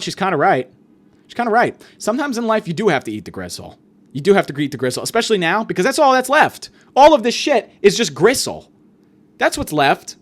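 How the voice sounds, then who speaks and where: Animated man on a profane comedic rant. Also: sits high. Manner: profane, rambling, exasperated. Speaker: podcast host.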